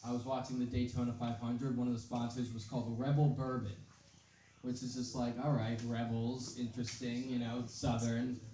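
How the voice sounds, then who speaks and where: A young man doing a stand-up set, rambling, self-deprecating and deadpan. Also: mid-range voice, moderate pace. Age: young adult. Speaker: stand-up comedian. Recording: echoey club from far off. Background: crowd noise.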